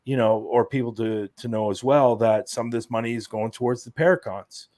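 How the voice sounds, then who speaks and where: A man's voice: medium pitch, brisk, darkish tone, dry recording, studio quality. A man explaining plans as a guest in a casual podcast interview, rambling with plenty of fillers. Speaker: guest, event organizer.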